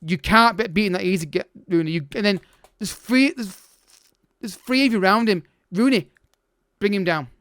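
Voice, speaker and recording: A man's voice: high voice, normal speed, fairly bright tone, no room sound. A man commentating his own game as a let's play host, exasperated and urgent, calling out to the players.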